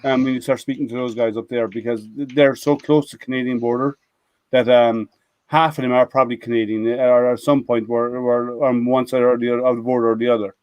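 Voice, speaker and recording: A man's voice: mid-range voice, flat delivery, darkish tone, no room sound. Rambling man, dry close sound. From Michigan, United States. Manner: rambling, halting, with many restarts. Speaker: host. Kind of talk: casual group chat on a live stream.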